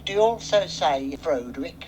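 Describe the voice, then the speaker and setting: An actor playing a mischievous hunchbacked servant with a playful sing-song delivery, in a 1970s film comedy. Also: male voice, on the high side, expressive, normal speed, darkish tone, a little hiss or hum, close to an everyday voice. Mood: cheeky. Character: mischievous hunchbacked male servant, cheeky joker.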